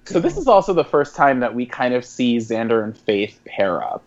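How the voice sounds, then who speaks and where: A man rambles through a casual podcast discussion of a TV episode, his words tumbling out in quick, animated asides. The recording sounds a little dull and lo-fi. His pitch sits in the middle for a man. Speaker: podcast co-host.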